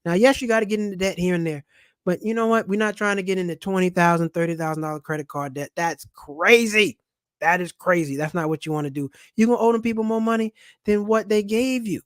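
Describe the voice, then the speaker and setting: A middle-aged man, hosting a casual money vlog in an animated, preachy way full of street slang. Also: high voice, fast talker, clean tone, no room sound, clean studio sound. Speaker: channel host and comedian. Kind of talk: casual personal finance vlog.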